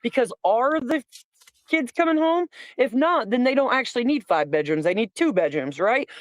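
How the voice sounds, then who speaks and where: A woman's voice: on the high side, animated, normal speed, no echo. Blunt, emphatic woman on a livestream. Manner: emphatic, blunt, swears freely. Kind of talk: livestream casual chat.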